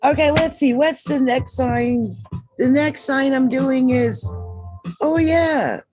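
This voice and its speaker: A woman's voice: sits high, slow, over music. A woman giving a casual tarot reading, chatty and emphatic, often repeating the sign's name, her voice dry. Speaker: tarot reader and astrologer.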